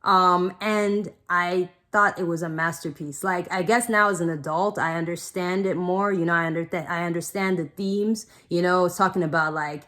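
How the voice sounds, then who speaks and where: A woman's voice: lowish voice, fairly even intonation, moderate pace, few pauses, fairly bright tone. A young adult woman casually chatting to camera, rambling with many fillers and getting emotional now and then. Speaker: vlogger.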